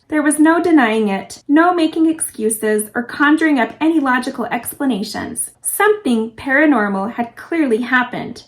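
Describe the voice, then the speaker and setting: A woman author reading a chapter of her novel aloud in a clear, measured storytelling manner. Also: high voice. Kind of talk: audiobook-style novel reading.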